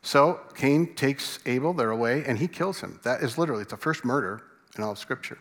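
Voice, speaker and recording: A man's voice: medium pitch, lively intonation, brisk, a bit bright. A man preaching a sermon as a pastor, conversational and asking the congregation questions. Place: church sanctuary. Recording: long reverb in a large hall.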